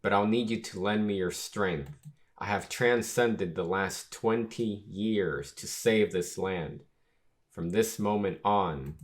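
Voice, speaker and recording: A young ruler speaks in formal, measured tones, as a man reads his lines aloud. The voice is low and deep, and it moves at an unhurried pace. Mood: solemn. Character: young male ruler giving a solemn proclamation.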